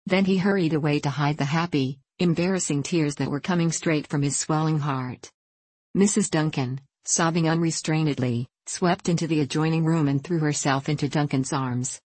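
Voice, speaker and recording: A woman with a low voice narrates a novel in a measured, steady way. The recording is dry and close. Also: husky, no echo. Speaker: audiobook narrator. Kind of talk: scripted narration.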